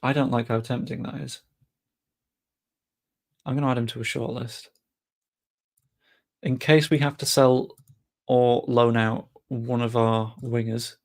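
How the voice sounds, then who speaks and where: A man's voice: medium pitch, gravelly. A young man giving casual, chatty commentary while playing a game, muttering to himself and swearing offhand. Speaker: gaming streamer.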